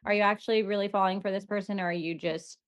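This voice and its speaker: A young woman talking as a guest in a relaxed chat. She laughs often and acts out what she thought in little quoted bits. Her voice sits at a middle pitch. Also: quick pace, clear, resonant tone. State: new mother. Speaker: podcast guest. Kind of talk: casual chat.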